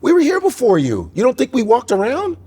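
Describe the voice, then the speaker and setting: A man co-hosting a comedy podcast, talking casually and breaking into quick impressions of other people. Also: very high-pitched, huge pitch swings, darkish tone, breathy edge, big-room sound. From United States.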